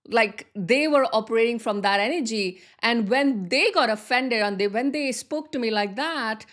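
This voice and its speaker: A woman's voice: on the high side, moderate pace, a bit bright. A woman giving a motivational talk as a manifestation coach, earnest and repeating key phrases for emphasis.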